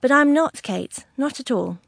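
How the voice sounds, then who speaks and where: A woman's voice: high-pitched, animated, a little slow, creaky, dry recording, pitched above the performer's own voice, full character voice. A fussy, self-important mother, prim and huffy in her talk, as a woman reads her. The sound is dry and close, with no room around it. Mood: reassuring.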